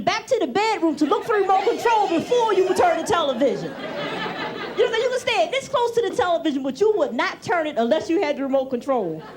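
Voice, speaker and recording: High, animated female stand-up comic. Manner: animated, conversational, acts out family members. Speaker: stand-up comedian. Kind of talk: stand-up set. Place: comedy club stage with audience. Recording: 1990s TV club recording. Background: audience laughter.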